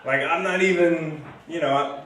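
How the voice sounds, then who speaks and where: A man's voice: fairly high pitch, fairly even intonation, normal speed, fairly bright tone, a little hiss or hum. A man hosting a comedy night, doing stand-up in a rambling, casual way on a bar stage. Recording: echoey room from far off.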